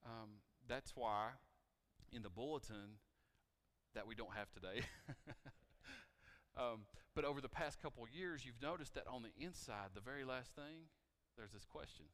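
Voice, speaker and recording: A man preaching a sermon in a church, asking the congregation questions and moving between loud emphasis and quiet appeals. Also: mid-range voice, unhurried. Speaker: pastor. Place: church sanctuary. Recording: reverberant church hall, mic cutting out.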